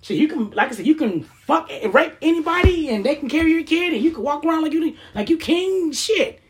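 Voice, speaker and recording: A woman's voice: sits high, animated, brisk. A woman delivering a heated, blunt, profane rant to camera, firing off rhetorical questions. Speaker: vlogger.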